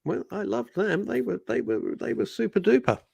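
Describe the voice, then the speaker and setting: Animated man, gravelly, close dry studio sound, exclamatory banter. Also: high-pitched, normal speed, no room sound, highs cut off. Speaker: radio co-host. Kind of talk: casual radio chat. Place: radio studio.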